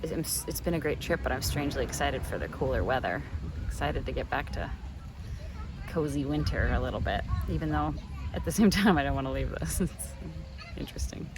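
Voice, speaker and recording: Chatty vlogging mom, recorded outdoors on camera audio with water noise clearly heard behind her. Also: extremely low pitch, lively intonation, a little fast. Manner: chatty, with frequent ums and restarts. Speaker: mother and vlogger. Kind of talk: casual family travel vlog. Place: outdoors on a paddle board on the water. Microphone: handheld camera.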